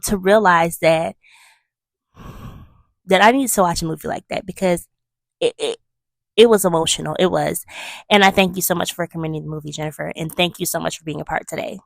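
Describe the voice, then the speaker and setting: A woman's voice: fairly low pitch, fairly quick, vocal fry, no room sound, clean studio sound. Chatty woman hosting a movie review. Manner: chatty, animated retelling with emphatic asides. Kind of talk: casual spoken movie review.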